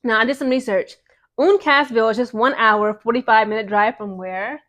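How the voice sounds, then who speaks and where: A woman's voice: on the high side, normal speed, fairly bright tone. A young adult woman hosting her own commentary vlog, talking in an emphatic way and keeping on adding "okay" to drive her points home. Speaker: host.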